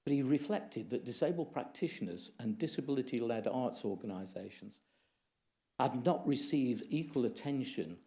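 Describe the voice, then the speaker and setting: A man giving a measured lecture at a conference, reading from his slides and adding anecdotes. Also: mid-range voice, animated, dark tone. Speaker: conference speaker. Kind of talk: lecture presentation.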